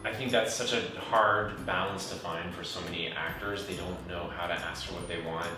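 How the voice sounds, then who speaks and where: A man interviewing a guest, speaking in a reflective, measured way. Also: low-pitched, steady tone. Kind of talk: conversational interview. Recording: echoey room heard from a distance, music behind.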